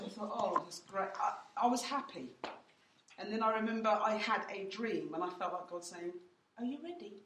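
A woman's voice: a little high, far from the mic. A woman teaching in church, telling her story in a chatty way with many fillers and voicing others in quotes. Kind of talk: teaching testimony. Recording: roomy and off-mic.

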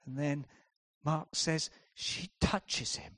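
A man delivers a sermon in a fairly high voice, recorded dry and close. He swings from hushed, drawn-out lines to loud, driving bursts. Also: steady tone, dry recording. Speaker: preacher.

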